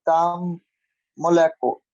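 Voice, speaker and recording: Male student, slow careful reading, dry dull call audio. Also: fairly high pitch, fairly even intonation, a little mellow, no room sound. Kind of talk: reading words aloud in class.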